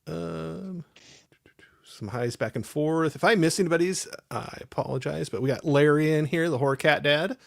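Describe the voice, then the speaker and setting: A man's voice: fairly high pitch, moderate pace, vocal fry, dry recording, studio quality. A man hosting a casual livestream chat, rambling, laughing often and reading viewers' chat messages aloud. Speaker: host.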